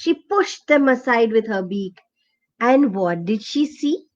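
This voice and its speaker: A woman reads a children's story aloud with lots of expression, asking the listener questions as she goes. Her voice is a little high and slow, and the sound is lo-fi.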